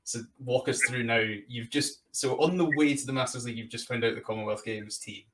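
A man's voice: medium pitch, fairly quick, background noise. A man from Britain hosting a podcast interview, enthusiastic and rambling as he recaps his guest's story. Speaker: podcast host. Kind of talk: casual interview chat. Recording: voice a bit far from the mic.

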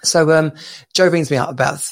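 A man co-hosting a podcast as a dad coach, in casual chat, talking in quick restarts and laughing often, heard over a video call. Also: on the high side, creaky.

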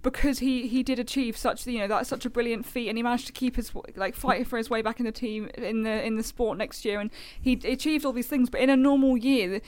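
High-pitched woman arguing hard on a podcast panel, keeps pushing her point. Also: fairly even intonation, fairly quick, hardly any pauses, darkish tone, no room sound. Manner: insistent, argumentative. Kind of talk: casual panel debate.

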